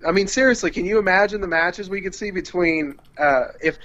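Lively man on a lo-fi podcast. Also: high-pitched, fairly quick. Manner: animated, mock-exasperated, swears playfully. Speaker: podcast co-host. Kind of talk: casual chat.

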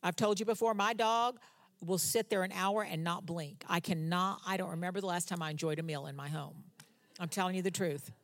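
A woman's voice: on the low side, a little fast. Woman preaching with dramatic dynamics. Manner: dramatic, rising loud for quoted cries, dropping soft on key words; conversational asides with humor. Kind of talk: sermon, reading and explaining scripture.

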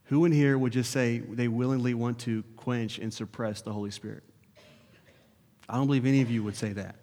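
A man preaches with earnest conviction, his voice rising into pressing questions and easing down to quiet prayerful lines. His pitch sits in the middle range for a man. The sound carries the long reverb of a church sanctuary. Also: fairly even intonation, brisk. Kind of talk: sermon.

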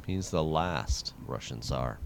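A man's voice: very deep voice, slow pace, gravelly, a little hiss or hum. A man hosting a trivia segment on a radio show, reading history questions in casual banter. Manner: reads history questions, lively intonation. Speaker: trivia host.

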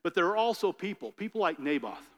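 A man preaching, moving from steady scripture reading into loose, chatty storytelling, dropping into quick voiced asides. His voice sits a bit high for a man. The sound hangs in a long, echoing hall. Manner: reads scripture then retells it in casual voices. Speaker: pastor.

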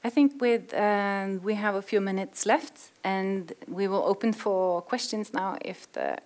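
A woman's voice: mid-range voice, a little slow, darkish tone. A woman moderating an author event, opening the floor to questions and thanking the audience. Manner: brief and polite. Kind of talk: moderating a book talk. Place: event room with a live audience.

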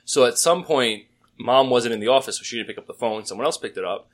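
A young man co-hosting a podcast, telling stories in an animated, profane, laughing way. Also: mid-range voice, quick pace. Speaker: co-host. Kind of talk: casual podcast storytelling.

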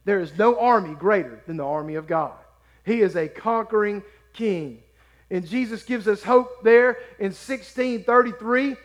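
Man, pastor, high voice, emphatic sermon delivery, quiet asides between swells. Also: normal speed. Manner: emphatic preaching, swells on key words and drops to quiet asides.

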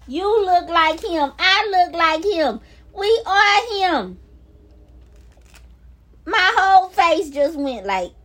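A woman vlogging into her phone, talking excitedly about her faith, gushing in drawn-out exclamations and half-singing her praise. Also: very high voice. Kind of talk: excited casual vlog talk about faith.

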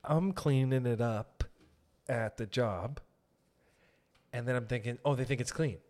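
A man's voice: medium pitch, measured pace, darkish tone. Teasing, playful male podcast host. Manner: teasing, playful, laughs often. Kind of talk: casual chat.

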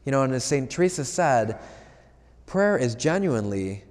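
A man's voice: medium pitch, sing-song, moderate pace, darkish tone. A male priest giving a conversational homily, putting questions to the congregation. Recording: long hall reverb.

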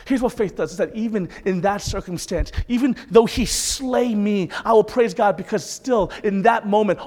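A pastor delivers a sermon in a high, bright-toned voice that swings from intense, emphatic peaks down to soft, hushed asides. His voice carries a long reverb, as if it fills a large church sanctuary. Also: lively intonation, normal speed, few pauses. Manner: impassioned, rising and falling between intense peaks and soft asides.

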